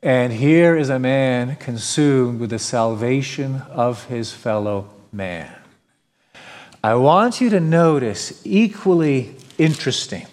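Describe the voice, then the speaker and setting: A pastor with a mid-range, darkish voice delivers an earnest, emphatic sermon full of rhetorical questions. He is in a church sanctuary, and the hall's long reverb colors the sound.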